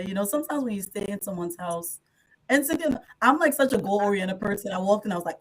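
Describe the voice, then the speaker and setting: A woman's voice: medium pitch, fairly quick, rough recording. Candid woman telling her story. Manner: candid, animated when quoting others. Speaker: podcast guest speaker, psychologist. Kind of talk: emotional personal storytelling.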